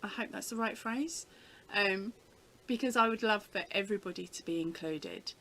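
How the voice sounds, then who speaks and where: A woman's voice: mid-range voice, normal speed, pushed and bright, low-quality recording. A middle-aged woman from the UK, chatting casually to camera as a crafting vlogger, telling stories with a giggle.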